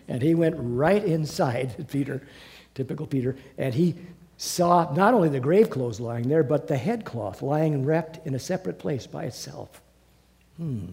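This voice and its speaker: A man teaching a Bible class to a small group in a meeting room. He reads and retells scripture in a lively storytelling way, with chuckles and asides. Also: fairly high pitch, gravelly.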